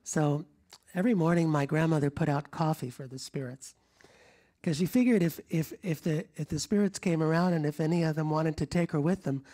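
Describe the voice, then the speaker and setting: Mellow-voiced middle-aged man telling stories. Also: on the high side, a little fast. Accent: General American, Kentucky accent trained out. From rural Kentucky. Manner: rambling, restarts often, chuckles, moves around. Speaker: public speaker. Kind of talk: storytelling talk to an audience. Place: lecture room before a live audience.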